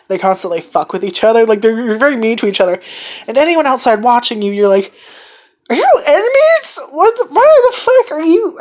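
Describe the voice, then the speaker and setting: A woman giving a casual, rambling anime review, excitedly retelling scenes and swearing freely. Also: medium pitch.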